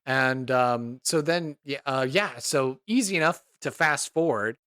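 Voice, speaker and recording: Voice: medium pitch, a little slow, a bit bright, no room sound, clean studio sound. A player describing their character's actions in a tabletop game, hesitant with many fillers.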